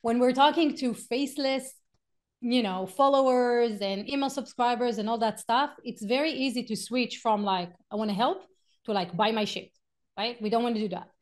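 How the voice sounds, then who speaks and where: A middle-aged woman teaching a live workshop, animated, acting out quotes and stories and laughing often. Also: a little high, moderate pace. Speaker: workshop speaker.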